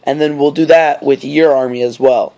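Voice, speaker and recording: A man's voice: on the high side, fairly even intonation, normal speed, dark tone, natural voice, poor audio. A man voicing a small, defiant young shepherd boy who speaks in an earnest, plain way.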